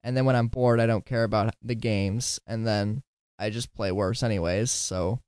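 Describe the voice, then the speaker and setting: A man's voice: fairly low pitch, steady tone, normal speed, a little mellow, clear, resonant tone, no room sound, studio quality. A tired man hosting a casual solo podcast, rambling and giggling, slurring his words at times. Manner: giggly, rambling, self-deprecating. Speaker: podcast host.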